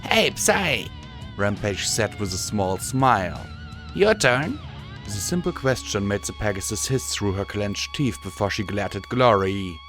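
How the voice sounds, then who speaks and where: A man reading a fan fiction audiobook in a steady, measured way. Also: lowish voice, soft background music. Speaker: audiobook narrator.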